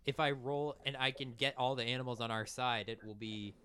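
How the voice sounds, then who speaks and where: A man's voice: medium pitch, fairly even intonation, brisk, a bit bright, smooth. A young man playing a tabletop game with friends, eagerly explaining his plans with many restarts. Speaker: player. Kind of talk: casual tabletop role-play.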